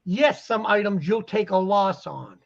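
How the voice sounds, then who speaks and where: In muffled, low-fidelity audio, a guest poster dealer speaks a little slowly in a high-pitched, creaky voice with lively intonation. His casual chat rambles, and he dramatizes the conversations he repeats.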